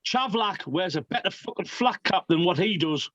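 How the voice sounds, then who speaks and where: A man's voice: sits high, moderate pace, no room sound, highs cut off. A man, hosting a casual beer podcast and telling stories animatedly. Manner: animated storyteller. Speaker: podcast host. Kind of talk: casual chat over beers.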